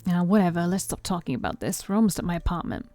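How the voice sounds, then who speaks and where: A grumpy young man with a short fuse and a huffy, grumbling way of talking, as a woman reads his lines in her own low, mellow voice. He keeps his words curt and sulky. Soft music plays faintly behind. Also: sing-song, fast, dry recording. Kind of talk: reading a visual novel aloud.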